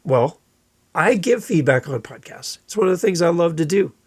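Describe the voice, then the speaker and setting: A man hosting a solo podcast, giving energetic, playful advice and sometimes mimicking listeners in silly voices. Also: on the high side, moderate pace, husky, no echo, clean studio sound. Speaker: podcast host.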